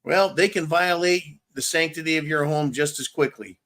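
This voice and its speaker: A man ranting bluntly through a casual live-stream monologue, his voice sitting a bit high for a man. He swears freely and slurs a little now and then, tongue-tied after a couple of drinks. He talks straight to his viewers like a show host. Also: normal speed, fairly bright tone. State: slightly tipsy, tongue-tied. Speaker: livestream host.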